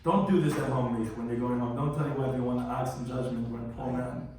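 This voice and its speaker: A man's voice: medium pitch, steady tone, fast talker, a little mellow. A male rabbi teaching a Talmud class, chanting Aramaic phrases and explaining each in plain words with small jokes. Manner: explains Aramaic phrases line by line, chanting the original then translating, with quips. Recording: very echoey room, distant mic.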